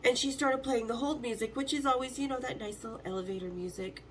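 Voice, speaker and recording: Swearing freely and acting out each character's voice, a woman in her fifties hosts and tells animated, casual stories. She talks fast in a fairly high pitch, and there's slight background noise.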